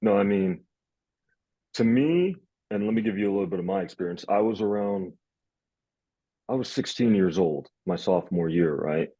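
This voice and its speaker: A young man hosting a casual interview, telling stories in a rambling, animated way. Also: sits low, normal speed, pauses often, dry recording, muffled recording. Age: young adult. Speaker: host.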